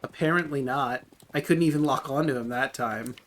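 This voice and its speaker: A man's voice: medium pitch, normal speed, a little hiss or hum. A man streaming a game, chatting casually and joking about what happens on screen. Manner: joking, reads game text aloud. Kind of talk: casual gameplay chat.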